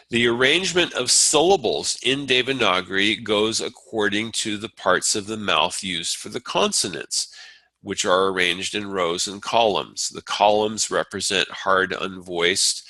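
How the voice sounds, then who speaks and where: A man teaching a Sanskrit class, explaining at an unhurried pace with frequent fillers and restarts. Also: deep voice, bright, forceful tone, no room sound, low-quality recording. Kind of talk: lecture.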